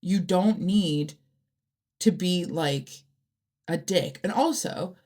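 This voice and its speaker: A woman hosts a casual reaction talk and gives each story a blunt, heated verdict. Her voice sits a little low for a woman. She talks straight at the people in the stories and gets worked up, then reins herself in. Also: slow pace, darkish tone. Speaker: host reacting to online stories.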